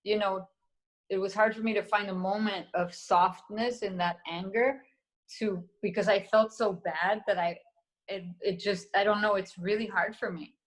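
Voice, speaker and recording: A woman who is a podcast guest, talking earnestly and confessionally in casual chat, with halting restarts. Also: mid-range voice, fairly even intonation, rough recording.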